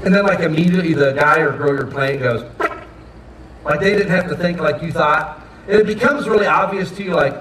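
High-voiced man preaching in an echoey room. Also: fairly quick, distant mic, a little hiss or hum. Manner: animated preaching, shifting between quiet asides and loud emphasis. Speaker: pastor. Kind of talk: sermon. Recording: echoey room, voice off-mic with faint ambience.

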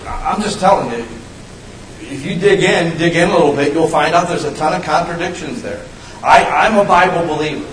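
A man in his fifties preaching a sermon as pastor, folksy and animated, with sudden shouted bursts. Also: fairly high pitch, a little hiss or hum. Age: 50s. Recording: echoey room, voice from a distance.

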